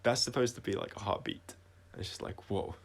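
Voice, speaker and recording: A man talking through his own songs on a casual livestream, reflective and halting, often restarting his sentences and trailing off quietly. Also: lowish voice, gravelly, slightly rough. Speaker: singer-songwriter explaining his songs.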